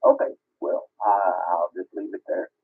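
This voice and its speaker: A man's voice: sits low, steady tone, normal speed, husky. A man calling in to a ham radio net, easygoing and joking in casual chat. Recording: tinny radio transmission.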